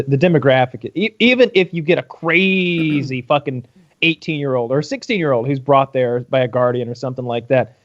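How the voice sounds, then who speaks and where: A man's voice: medium pitch, dry recording, muffled recording. Man rambling on a podcast. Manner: rambling, repeats words. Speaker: podcast co-host. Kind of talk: casual podcast banter.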